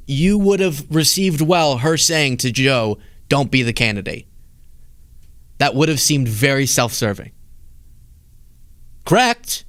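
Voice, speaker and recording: A man's voice: mid-range voice, a bit bright, dry recording. A man hosting a political commentary show, reacting to interview clips with sarcastic, mocking asides. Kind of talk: casual commentary over clips.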